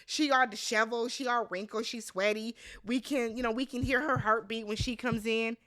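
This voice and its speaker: A woman recapping a reality show in a casual vlog, with a bright, forceful, fairly high voice. She is blunt and exasperated, swears freely and fires rhetorical questions straight at the contestants. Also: fairly even intonation, normal speed.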